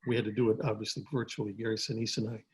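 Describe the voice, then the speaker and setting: Older man, husky voice, interview guest, repeats himself, video call from home. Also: lowish voice, little pitch movement, very fast, rough recording. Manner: rambling, repeats words, restarts often. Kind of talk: casual storytelling interview.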